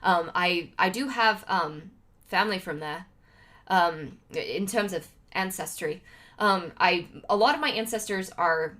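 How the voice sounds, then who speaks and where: A young woman from Utah, United States, streams casually to her livestream, rambling with lots of fillers, restarts and frequent laughs. Her voice sits fairly low, with a fairly bright tone and a slightly slow delivery.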